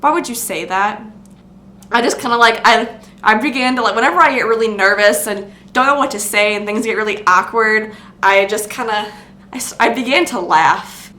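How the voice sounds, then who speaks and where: A woman's voice: on the high side, a little fast, bright, forceful tone, echoey room. A young woman telling a casual storytime vlog about her retail job, rambling with lots of filler words and restarts. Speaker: vlogger recounting retail job.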